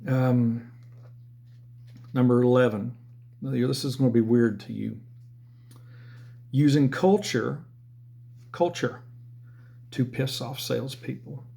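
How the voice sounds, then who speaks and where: Southern man, former salesman, gravelly, blunt, profane, mid-pitched. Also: slow pace, long pauses, mellow. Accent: Southern American. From Southern United States. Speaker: former car and motorcycle salesman. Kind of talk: casual storytelling monologue.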